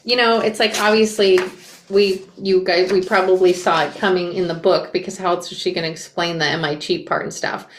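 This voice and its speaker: A young woman reading a memoir aloud and reacting to it, expressive and flustered as she re-enacts the narrator. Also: fairly low pitch, brisk, slight background noise. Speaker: reader and reaction creator. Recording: echoey room.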